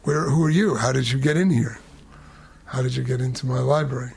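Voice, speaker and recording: A man voicing an earnest, anxious male scholar in a told story, startled and pleading, with a gravelly voice. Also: medium pitch, a little fast, darkish tone.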